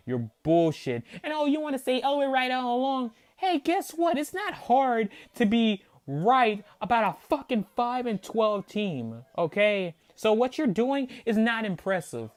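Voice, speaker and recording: A man's voice: high voice, sing-song, unhurried. A man hosting a sports reaction video, ranting in heated, profane disbelief and repeating himself for emphasis. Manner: mocking, disbelieving. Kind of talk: angry fan reaction rant.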